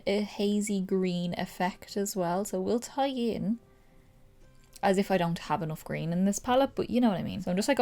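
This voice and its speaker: A woman's voice: medium pitch, warm tone. An Irish woman chatting casually through a makeup tutorial, thinking aloud as she works. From Ireland. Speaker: makeup vlogger.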